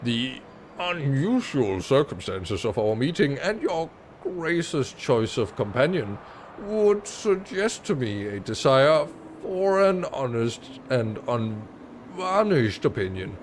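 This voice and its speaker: A man reading aloud as a pompous older male noble, speaking slowly and grandly. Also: medium pitch, very animated, a little hiss or hum, pitched above the performer's own voice.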